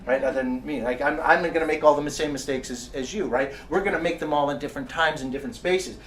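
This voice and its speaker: A man's voice: fairly high pitch, fast, a bit bright. A man giving a motivational seminar talk to a live audience in a meeting room, full of restarts and repetition, often asking the crowd "right?". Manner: keeps asking the audience "right?" and "how many know". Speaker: seminar presenter. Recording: distant mic with faint background noise.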